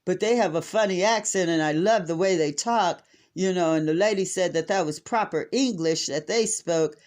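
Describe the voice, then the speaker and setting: A middle-aged man with an American accent recounts a family mishap in a casual, exasperated way. He talks in a slightly high register and keeps slipping into little acted-out bits of dialogue. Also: moderate pace. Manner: exasperated, animated retelling with acted-out quotes. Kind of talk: casual storytelling to camera.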